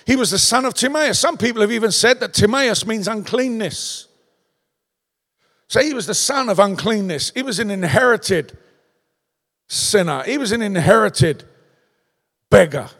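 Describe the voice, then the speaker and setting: A man's voice: sits high, lively intonation, normal speed, pauses often, fairly bright tone, big-room sound. A man preaching a sermon in a conversational way, tossing out rhetorical questions in a large church.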